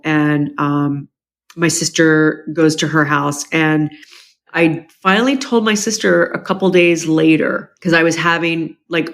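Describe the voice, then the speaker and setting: A woman with a low, gravelly voice speaks as a guest on a podcast, sharing a personal story openly and with emotion. She restarts often and is animated, raising her voice to act out what her family members said.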